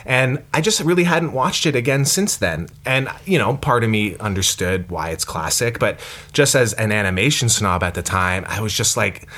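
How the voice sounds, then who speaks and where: Brief: low-voiced man, bright tone, casual rambling podcast co-host. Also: expressive, normal speed. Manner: rambling, lots of "like", swears. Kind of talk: casual chat.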